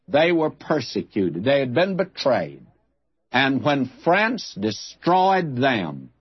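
A man teaching a verse-by-verse Bible sermon, deliberate and emphatic, repeating his key phrases. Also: a little high, slightly rough, muffled recording.

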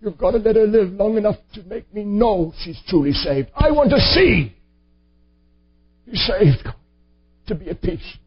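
A man's voice: high voice, lively intonation, unhurried, pauses often, slightly rough, full character voice. A preacher voicing his fervent father, who speaks with grief and stubborn resolve, on a dull lo-fi recording. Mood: praying. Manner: intense, defiant. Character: fervent middle-aged father, grieving and determined.

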